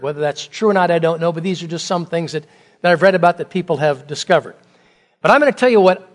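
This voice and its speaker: A middle-aged man preaching a sermon as pastor, talking conversationally with rhetorical questions and joking asides. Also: high-pitched.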